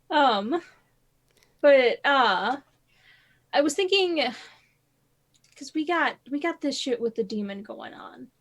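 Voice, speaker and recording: Woman player, high voice, giggly, rambling restarts, casual table talk. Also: lively intonation, slow, pauses often. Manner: laughs often, talks in fits and restarts. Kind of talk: casual tabletop play chat.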